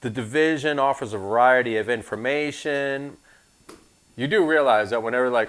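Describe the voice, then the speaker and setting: A man's voice: medium pitch, expressive, normal speed, a bit bright. A man teaching an insurance licensing class live, casual and joking, with asides to his students.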